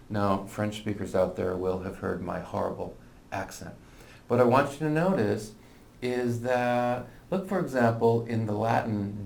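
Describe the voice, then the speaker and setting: A man's voice: mid-range voice, moderate pace, creaky, a little mellow. A man teaching a laid-back lesson in a voice that sits in the middle of the range. He talks as though thinking aloud, restarts his sentences, and checks in with his listeners as he goes. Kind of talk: informal lecture.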